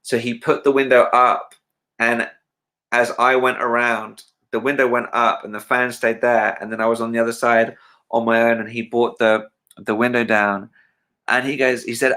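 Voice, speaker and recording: A man's voice: mid-range voice, normal speed. A man hosting a livestream, telling a story casually with many fillers and restarts. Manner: rambling, many fillers and restarts, animated when quoting. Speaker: livestream host.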